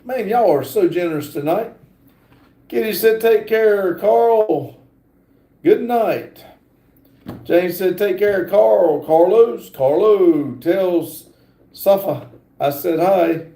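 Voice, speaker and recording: A man's voice: high-pitched, takes it slowly, creaky, pauses often, mellow. A man hosting a casual livestream, reading viewer comments aloud with many fillers. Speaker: livestream host reading chat. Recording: echoey room.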